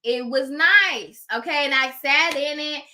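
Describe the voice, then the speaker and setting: A woman telling a personal story in casual style, animated, laughing often and acting out the dialogue. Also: high voice, measured pace, slight background noise. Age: adult with children.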